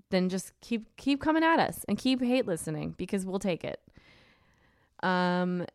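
A young woman hosting a podcast, her voice smooth and resonant with a bone-dry, close sound. She talks in a sarcastic, animated way and laughs often. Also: medium pitch, no echo. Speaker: podcast co-host. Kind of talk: casual podcast chat.

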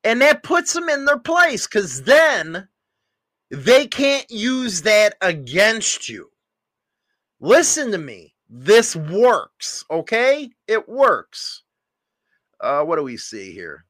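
Middle-aged man, slow deliberate talk, high voice, blunt and opinionated, livestream chat. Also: huge pitch swings, dry recording, studio quality. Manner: blunt, opinionated, rising to loud rants. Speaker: livestream host. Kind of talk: casual livestream chat reading comments.

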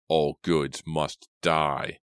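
Deep-voiced guy doing a cold slow vengeful dad with a gun, audiobook. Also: level tone, clear, resonant tone, no echo, clean studio sound, exaggerated voice. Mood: menacing. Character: grim vengeful father with a rifle.

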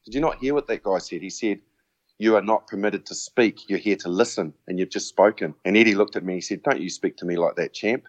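A man, a former rugby player, telling an animated anecdote and acting out the dialogue. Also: lowish voice, quick pace, no echo, highs cut off. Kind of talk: casual anecdote.

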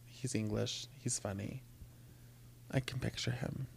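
A man's voice: mid-range voice, steady tone, measured pace, creaky, darkish tone, husky. A young man co-hosting a podcast, chatting casually and gushing in agreement. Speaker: podcast co-host. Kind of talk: casual chat.

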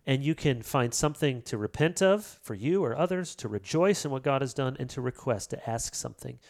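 Animated man telling stories. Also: mid-range voice, fairly quick. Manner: animated storyteller, acts out quotes. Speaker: author and pastor guest. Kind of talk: casual interview talk.

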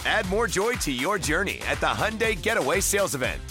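A man's voice: high-pitched, sing-song, brisk. Upbeat male ad announcer. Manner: polished, upbeat. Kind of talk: upbeat ad read. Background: music.

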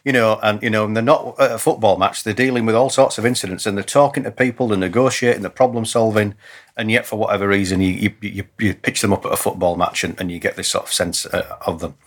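Low-voiced earnest police officer. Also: male voice, fairly even intonation, quick pace. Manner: earnest, frequent restarts and repeated words. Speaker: police chief superintendent, guest. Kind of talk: conversational interview.

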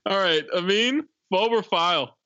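An opinionated man hosting a casual movie podcast, with a bright voice and lively, animated delivery. The recording sounds dull and dry, with the top end muffled. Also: high voice, normal speed, dry recording. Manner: emphatic, opinionated, laughs often. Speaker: podcast host. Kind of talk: casual movie review chat.

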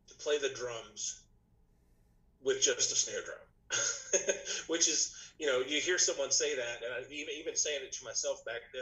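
A man's voice: medium pitch, measured pace, bright, forceful tone, rough recording. Rambling man telling a story. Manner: rambling, many restarts and "you know". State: slightly rough voice, clearing throat. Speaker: podcast guest, musician. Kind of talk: casual storytelling chat.

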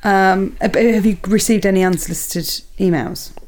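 A woman's voice: medium pitch, fairly even intonation, normal speed, darkish tone. A woman co-hosting a podcast, bubbly and teasing, who chats and reads listener emails aloud. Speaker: podcast co-host. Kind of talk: casual chat, reading listener emails.

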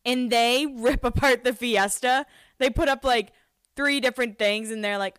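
A woman's voice: fairly high pitch, normal speed, a bit bright, smooth, dry recording. A woman hosting a casual recap podcast, chatty and self-deprecating, with lots of "like" fillers. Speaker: podcast host recapping a reality show. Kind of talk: casual chat.

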